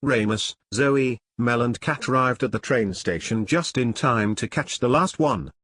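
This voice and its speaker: A man narrating a story in a plain, even storytelling read. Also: medium pitch, measured pace, dry recording, studio quality. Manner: plain storytelling read, few voice changes for characters. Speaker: audiobook narrator. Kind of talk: scripted narration.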